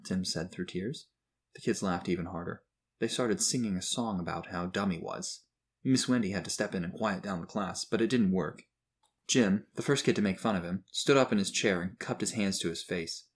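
A man with a low-pitched voice reads a children's story aloud in a measured, expressive way. His tone is husky and somewhat breathy. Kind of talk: storybook narration.

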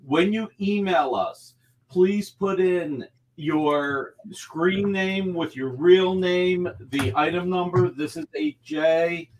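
Guy hyping a live comic auction on a video call, slightly high voice, keeps pushing bids. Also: slow pace, darkish tone, slight background noise. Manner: enthusiastic, pushes bidders along. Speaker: guest auctioneer. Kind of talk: live auction sales pitch.

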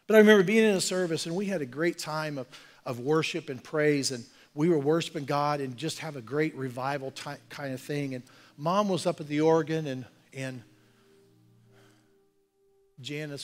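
A man preaching a sermon as pastor in a church, talking earnestly and conversationally, building to forceful exhortation. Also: a little high, a little fast, faint music behind. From Oklahoma, USA. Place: church sanctuary.

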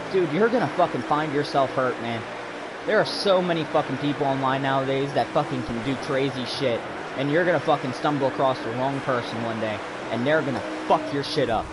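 A man's voice: a little high, brisk, heavy background noise. A man streaming a racing game, ranting angrily and swearing nonstop at another player. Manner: furious, profane, ranting. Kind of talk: angry rant during live racing game stream.

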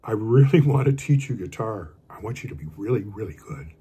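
A man's voice: lowish voice, animated, a little fast, warm tone, slightly rough. An older man giving a casual guitar lesson, rambling and counting beats aloud as he plays. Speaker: guitar teacher.

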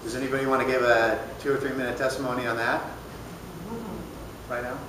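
A man gives a casual sermon-style teaching to a church recovery group, speaking plainly and conversationally and putting questions to the room as he goes. His mid-range voice is flat and a little fast, heard from far off in a very echoey room with faint background noise.

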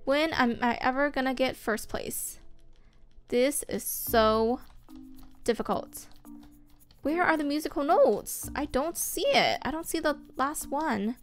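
A woman hosting a gaming video, giving excitable, casual commentary while she plays, with frequent squeals and whoops. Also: high-pitched, slow. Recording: faint game music behind.

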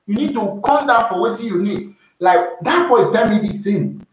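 Man, Nigerian Pidgin accent, high voice, preachy advice vlog, repetitive, away from the mic. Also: lively intonation, moderate pace, distant mic, a little hiss or hum. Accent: Nigerian Pidgin English. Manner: preachy, repeats himself, keeps asking "you dey hear me". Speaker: YouTube vlogger giving advice. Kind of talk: casual advice monologue. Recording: very echoey room, voice away from the mic.

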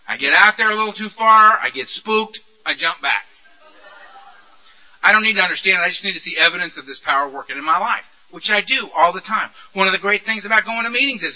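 A man speaking at a recovery meeting, candid and animated, asking rhetorical questions as he tells his story. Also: high voice. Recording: dull lo-fi recording.

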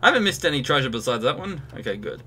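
Bright-voiced Australian man ranting. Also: medium pitch, very animated, rapid-fire, husky. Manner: ranting, chatty storytelling. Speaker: streamer. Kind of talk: live gameplay commentary. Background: game music.

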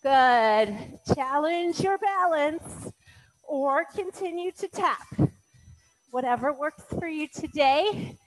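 A high-pitched woman guides an exercise class at an unhurried pace, calling out each move and cheering people on. She sounds a little out of breath, with faint music playing behind her. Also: animated, rough recording. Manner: encouraging, counting out moves. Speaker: fitness instructor.

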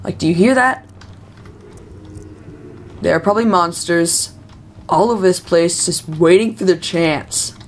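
A young woman plays a horror game, nervously talking to herself and to the game. Her voice is lowish and measured, with frequent pauses, and the recording carries a slight hiss or hum.

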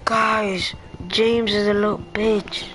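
Brash, high-voiced young man trash-talking. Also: flat delivery, slow, bright, forceful tone, faint music behind. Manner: brash, profane trash talk. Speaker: gamer chatting in party chat. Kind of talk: casual gameplay chat.

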